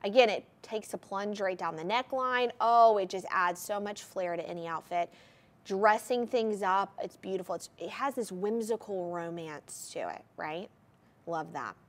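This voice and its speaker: A woman presenting jewelry on a live TV shopping channel. She talks in an eager, gushing sales patter, lingering over details and prices. Her voice sits at an ordinary mid pitch. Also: normal speed.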